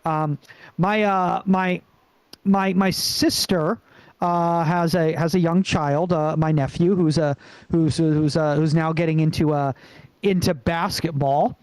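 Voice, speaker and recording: A man doing a rambling stand-up set over a video call, pausing often with ums and uhs. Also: a little high, a little mellow, clean tone, no echo, rough recording. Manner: rambling, halting delivery with many fillers. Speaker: stand-up comedian.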